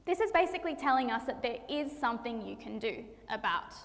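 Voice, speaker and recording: A woman's voice: a little high, lively intonation, brisk. A young woman, a medical student, giving a chatty health talk to an audience, laughing easily and using many fillers. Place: church hall. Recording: reverberant hall.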